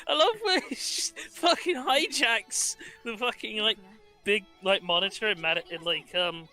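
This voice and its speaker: A man's voice: high-pitched, unhurried, sharp tone, faint music behind, poor audio. A man ranting sarcastically in casual gaming chat as a co-host, swearing freely.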